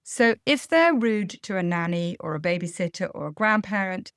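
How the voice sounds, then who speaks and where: Calm woman giving parenting advice. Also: lowish voice, smooth, no room sound, studio quality. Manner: calm, measured, explanatory. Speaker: parenting coach. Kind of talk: podcast advice talk.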